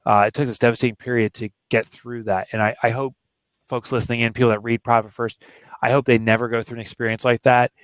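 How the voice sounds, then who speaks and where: A man's voice: mid-range voice, flat delivery, quick pace, no room sound. A man in his forties, an author being interviewed, telling a candid personal story in an earnest, emotional, plain-spoken way. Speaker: author and guest.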